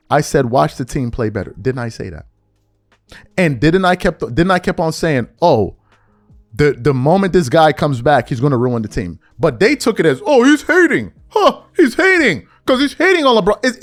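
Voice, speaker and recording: A man's voice: a little high, dry recording, clean studio sound. A man hosting a sports podcast, ranting heatedly and slangily with mocking impressions of fans. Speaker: podcast host. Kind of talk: heated sports commentary rant.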